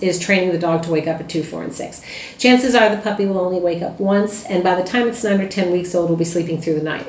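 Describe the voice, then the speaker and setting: Chatty woman, lower voice, echoey room. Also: darkish tone, a little hiss or hum. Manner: chatty, matter-of-fact, many fillers. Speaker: puppy breeder giving advice. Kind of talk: casual spoken advice.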